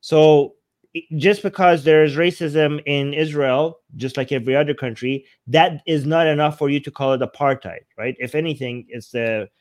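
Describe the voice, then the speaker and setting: Earnest guy reacting to videos, kinda high voice, dry no-room sound. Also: steady tone, moderate pace, dry recording. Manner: earnest, talks in restarts. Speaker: host. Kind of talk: casual reaction commentary.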